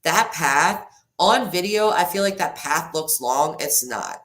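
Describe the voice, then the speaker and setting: A woman with a low voice that swings widely in pitch, hosting a casual live chat with her viewers. She rambles, starts sentences over, laughs often and reads comments out as she goes. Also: expressive, unhurried, fairly bright tone. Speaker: livestream host.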